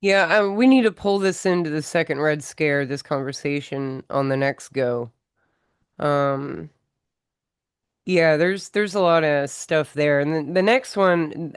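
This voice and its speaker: Woman hosting a live stream from home, slow easy pace, clean smooth voice, dry sound. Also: sits low, no room sound. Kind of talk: casual livestream chat.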